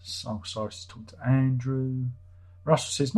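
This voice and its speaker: A man's voice: medium pitch, fairly even intonation, measured pace, a little mellow. A man hosting a casual livestream, reading out chat comments in a rambling, self-interrupting, wry way.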